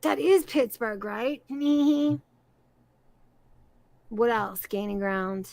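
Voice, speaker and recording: High, gravelly woman chatting on stream. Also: extremely slow, dry recording. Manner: excitable, profane, says "yo" and "dude" a lot. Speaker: streamer hosting a reaction stream. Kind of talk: casual livestream chat.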